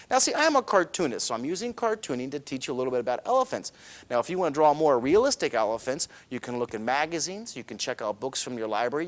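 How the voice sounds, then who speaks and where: Enthusiastic man teaching kids to draw. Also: mid-range voice. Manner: enthusiastic, chuckling, storytelling. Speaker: cartoonist and drawing teacher. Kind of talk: children's drawing lesson.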